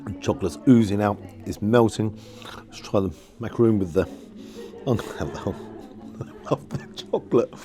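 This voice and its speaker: A man reviewing a restaurant meal in a casual vlog, talking excitedly and repeating his exclamations. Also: lowish voice, moderate pace, over music. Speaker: food vlogger. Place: restaurant, then outdoors in the street.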